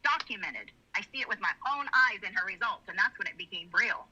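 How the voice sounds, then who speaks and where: A woman's voice: mid-range voice, expressive, fairly quick, bright, forceful tone, slightly rough. A middle-aged woman telling a personal family story in an earnest, rambling way. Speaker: interview guest. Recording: slightly muffled video audio.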